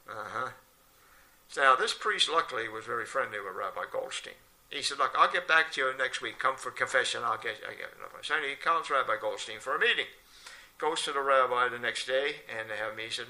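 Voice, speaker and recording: An older man telling a casual anecdote, switching into animated voices whenever he quotes people. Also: medium pitch, a little fast, rough recording. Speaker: local storyteller.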